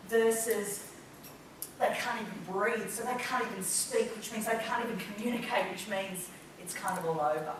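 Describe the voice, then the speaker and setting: A woman trainer teaching a live workshop, animated and acting out the people she talks about. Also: mid-range voice, normal speed, noisy background. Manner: lively, acts out quoted people. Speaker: business trainer. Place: large room with an audience. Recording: echoey room, mic far off.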